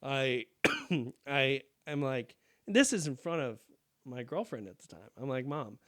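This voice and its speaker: A man's voice: medium pitch, lively intonation, measured pace, fairly bright tone. A young man co-hosting a podcast, telling a crude story casually with lots of laughing. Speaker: podcast co-host. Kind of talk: casual chat.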